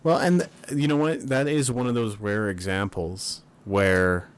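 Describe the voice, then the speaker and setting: Low-voiced man hosting a casual podcast. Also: steady tone, smooth. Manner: easygoing, brief agreeing replies, halting. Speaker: podcast host. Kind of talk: casual chat.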